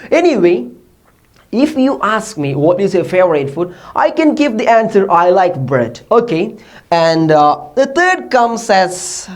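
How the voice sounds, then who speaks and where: A man's voice: high voice, a little mellow. A man teaches a recorded online class. His voice swoops widely as he acts out sample questions, and he checks in often with "okay" and "like". He speaks at a patient teacher's pace. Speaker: English tutor.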